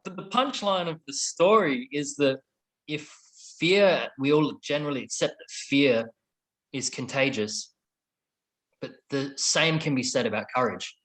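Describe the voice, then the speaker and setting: A man's voice: mid-range voice, measured pace, a bit bright, poor audio. A man speaking as an interview guest, earnest and reflective, swearing casually while he tells a story. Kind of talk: candid storytelling conversation.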